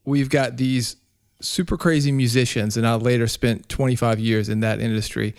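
A man's voice: mid-range voice, moderate pace, no echo, clean studio sound. A man from Nashville, a podcast guest telling stories in an easygoing way. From Nashville, Tennessee. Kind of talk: casual interview.

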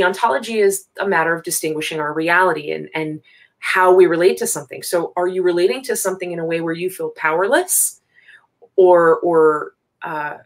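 A woman talking as a guest on a casual show, emphatic and animated, laughing often and repeating phrases for effect. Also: on the low side. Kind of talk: casual interview talk.

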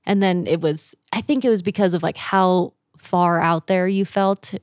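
A young woman telling a camping story in casual chat, animated, laughing often and swearing freely. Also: lowish voice, normal speed, no echo, studio quality.

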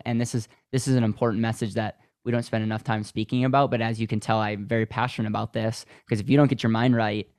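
A man's voice: on the low side, darkish tone, no echo, clean studio sound. Enthusiastic American man hosting. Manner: enthusiastic, motivational, restarts often. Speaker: podcast host. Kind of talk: podcast interview.

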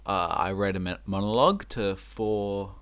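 Aussie teen guy, lowish voice, kinda halting, laid back chat. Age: teens. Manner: relaxed, halting, with ums and restarts. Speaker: podcast guest. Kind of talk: casual chat.

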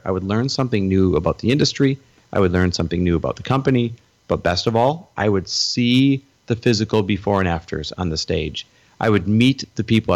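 A middle-aged man telling his story as a guest in an interview, acting out the voices of the people he quotes. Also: on the low side.

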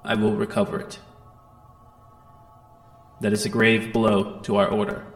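A man voicing a solemn knight in armor who speaks gravely and formally, with a slow, low delivery. Soft music plays underneath. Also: completely flat delivery, roomy sound. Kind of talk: tabletop role-play voicing.

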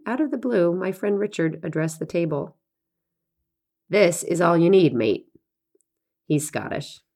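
Low-pitched woman reading her farm essay, slow and thoughtful. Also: a little mellow. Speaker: farmer and essayist. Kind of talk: scripted narration of a personal essay.

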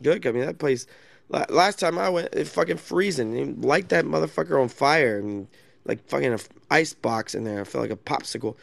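A gravelly-voiced man hosting a loose online chat. He sounds mocking and brash, with constant swearing, and the sound is dry with no room echo. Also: mid-range voice, brisk, fairly bright tone. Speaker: host.

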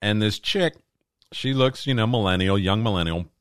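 A man's voice: on the low side, normal speed, fairly bright tone, clean tone, no room sound. A man co-hosting a podcast who cracks dry jokes and reads news items aloud in casual chat. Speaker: podcast co-host. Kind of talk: casual opinion talk.

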